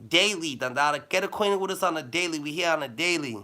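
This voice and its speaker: A man giving rambling motivational advice in loose slang, with a habitual "da, da, da" filler, dropping low and then bursting louder. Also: expressive, quick pace. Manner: loose slang-heavy talk with a repeated "da, da, da" filler; swings between low mumbling and loud bursts. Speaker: vlogger giving life advice.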